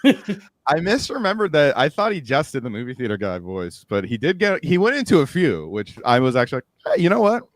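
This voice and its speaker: A man's voice: medium pitch, sing-song, a little fast, no room sound. A man co-hosting a podcast, tossing in joking asides in casual chat. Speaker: podcast co-host.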